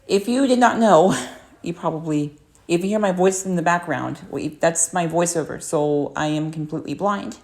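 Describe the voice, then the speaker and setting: Woman, lowish voice, casual livestream chat, rambling, lots of fillers, at home. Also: normal speed, darkish tone. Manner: rambling, with many fillers and restarts.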